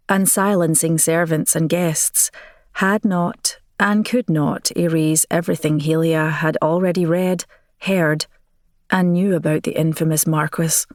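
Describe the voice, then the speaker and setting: A woman narrating a romance audiobook in a measured, expressive storytelling manner, recorded on a close studio mic. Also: lowish voice, dry recording.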